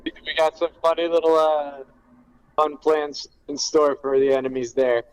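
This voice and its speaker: Upbeat man pitching a paintball event. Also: steady tone, moderate pace, clean tone, low-quality recording. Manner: upbeat, promotional. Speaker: guest, event commander. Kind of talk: casual panel chat.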